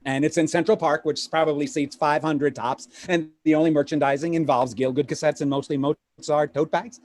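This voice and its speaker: An actor playing a pushy, fast-talking male Hollywood agent in a live play reading over a video call, with rapid, stammering sales patter. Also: a little high, steady tone, dry recording, lightly acted. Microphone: home computer mic on a video call.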